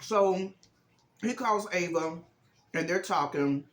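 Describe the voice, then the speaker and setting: A woman's voice: on the low side, takes it slowly, roomy sound. A woman in a casual vlog, telling a movie plot in a chatty way, full of fillers and acted-out lines. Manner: chatty, acts out characters' lines with emphasis; frequent fillers like "um" and "this, this, and that". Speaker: vlogger recapping a movie. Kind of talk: casual storytelling recap.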